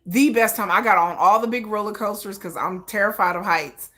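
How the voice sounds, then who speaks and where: Bright-voiced woman hosting a chatty livestream. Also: medium pitch, a little fast. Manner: chatty, laughs often, greets viewers in chat. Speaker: livestream host. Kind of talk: casual livestream chat.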